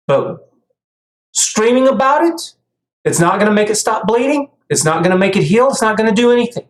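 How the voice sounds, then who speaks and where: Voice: mid-range voice, expressive, fairly quick. A heated commentator rants straight to the viewer in a monologue, tripping over and repeating words as the points pile up. The voice sits in a mid range and rings in a roomy, echoey space. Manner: heated, stammering restarts. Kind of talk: ranting monologue. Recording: echoey room.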